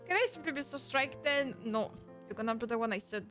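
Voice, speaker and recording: High-voiced French woman streamer. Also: brisk, a bit bright, faint music behind. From France. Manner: playful, mixes in French words, laughs often. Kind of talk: casual live stream chat.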